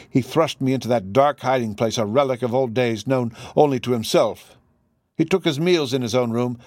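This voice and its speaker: A man's voice: medium pitch, no echo, voice pushed up, close to an everyday voice. A man reading the lines of a proud, desperate Russian woman, in an impassioned, accusing manner. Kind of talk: audiobook dialogue reading.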